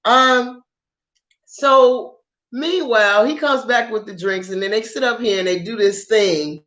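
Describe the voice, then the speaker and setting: A woman vlogger telling a story in a casual, animated way, swearing freely. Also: fairly high pitch, measured pace. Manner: animated, profane, laughs often.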